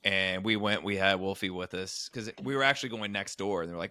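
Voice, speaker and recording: A man co-hosting a podcast, telling an animated story in a casual chat. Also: brisk, no echo. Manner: animated storyteller, acts out quoted people in higher voices. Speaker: podcast co-host, comedian.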